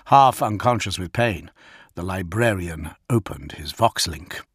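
A man narrating an audiobook in a low, steady, grave voice. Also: unhurried, breathy edge, no echo, clean studio sound. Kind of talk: dramatic scripted narration.

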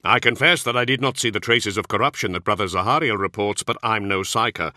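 A man's voice: fairly low pitch, brisk, sharp tone, no room sound, studio quality. A man voicing a stiff, loyal soldier-commander who answers formally and bluntly.

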